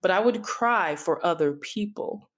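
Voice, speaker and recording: Her voice sits on the low side, with lively intonation and a slightly slow pace. She's a middle-aged coach hosting a reflective solo podcast, confiding candidly in the listeners she addresses directly.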